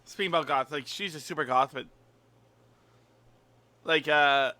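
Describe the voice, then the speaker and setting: A man's voice: on the high side, unhurried, pushed and bright, dry recording. A man in casual chat at a tabletop game, telling a rambling story with restarts.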